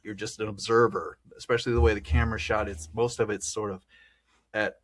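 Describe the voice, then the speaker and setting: A man's voice: fairly low pitch, level tone, fairly quick. A man hosting a podcast, talking through a film in a rambling, chatty way and laughing often. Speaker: podcast host. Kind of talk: casual film discussion.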